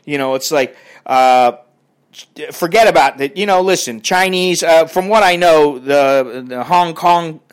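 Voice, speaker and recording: A man's voice: a little high, unhurried, clear, resonant tone. An older man ranting in a crotchety, profane and rambling way as he talks to his viewers. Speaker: vlogger. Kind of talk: casual rant to camera.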